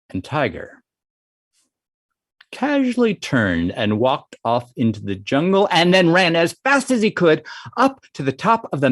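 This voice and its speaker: A man telling a traditional folktale at an open mic with animated, varied delivery. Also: on the high side, dry recording, clean studio sound. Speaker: storyteller. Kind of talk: oral storytelling of a folktale.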